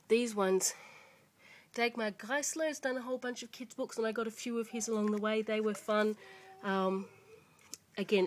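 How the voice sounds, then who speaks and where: At home, a woman who speaks English natively holds up children's books for a camera mic in a loose show-and-tell chat. Her medium-pitched talk rambles, full of fillers and restarts, with slight background noise.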